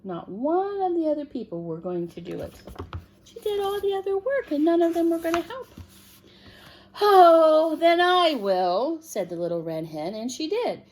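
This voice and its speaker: A woman reading a picture book aloud to children in a gentle, expressive way, stopping to ask the listener questions. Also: high-pitched, a little fast, a little hiss or hum.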